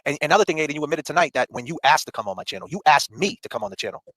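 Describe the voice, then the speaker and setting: A man's voice: a little high, sing-song, racing, a bit bright, no echo. A man co-hosting a livestream, ranting in a combative, mocking way and swearing freely. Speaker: podcast co-host. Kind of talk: heated livestream rant.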